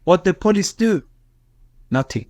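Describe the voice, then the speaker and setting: High-voiced man with an Iranian accent. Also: very animated, a little mellow, dry recording, clean studio sound. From Iran. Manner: halting non-native English with many fillers and restarts, agitated when quoting. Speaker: journalist, interview guest. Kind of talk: recounting events in an interview.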